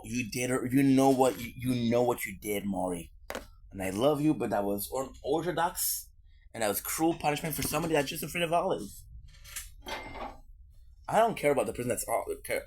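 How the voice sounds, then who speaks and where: A man's voice: medium pitch, expressive, a little fast, noisy background. A man vlogging casually while he eats, rambling and joking between lip-smacking bites. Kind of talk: casual food vlog chat.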